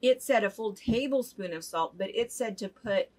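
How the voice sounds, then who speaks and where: A woman's voice: a little high, normal speed, darkish tone. An older woman co-hosting a casual chat show, telling stories in a chatty way and laughing often as she goes. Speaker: co-host of a fabric shop chat show.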